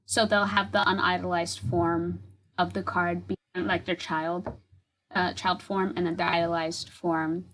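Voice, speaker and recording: A woman's voice: fairly low pitch, level tone, unhurried, a bit bright, a little hiss or hum, poor audio. A young woman co-hosting a podcast, gushing in a rambling casual chat full of fillers. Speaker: podcast co-host.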